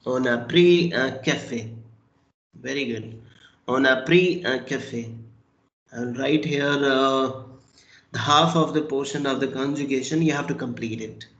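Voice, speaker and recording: A man teaching a French class over a video call, slow and patient, praising and prompting his students. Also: mid-range voice, a bit bright, muffled recording. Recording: echoey room.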